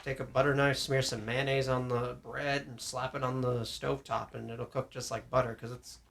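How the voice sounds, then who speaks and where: Man, co-host, gravelly fry, easygoing chat, faint hiss behind. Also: mid-range voice, level tone, normal speed, a bit bright. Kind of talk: casual chat.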